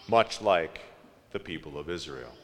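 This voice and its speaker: A man preaching a sermon in a slow, reflective way, asking his listeners questions. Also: rumbling low, expressive, in a large hall, slight background noise.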